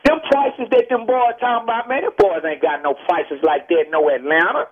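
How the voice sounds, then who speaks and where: Over a tinny phone line, a Texan man with a Southern accent joins a heated call-in radio interview as a guest. He talks at normal speed in a high-pitched, steady voice, sounding emphatic and preachy and saying "man" repeatedly.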